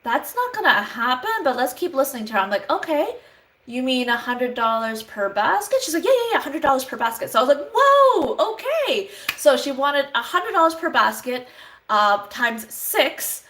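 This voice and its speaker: A woman in her thirties from Canada, telling a story to camera in a chatty, animated way and acting out both sides of phone calls. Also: fairly high pitch, poor audio. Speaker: vlogger, Avon sales representative.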